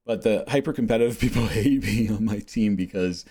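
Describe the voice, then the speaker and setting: A man's voice: fairly low pitch, brisk, warm tone, breathy edge. A man hosting a podcast in a rambling casual monologue, meandering and swearing with self-mocking chuckles. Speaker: podcast host.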